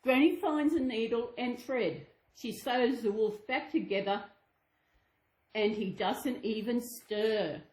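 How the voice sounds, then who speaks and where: In an echoey room, a woman who hosts a channel reads a children's storybook to her dolls in a sing-song way, adding chatty asides. Her voice is fairly high, a little mellow, and slow.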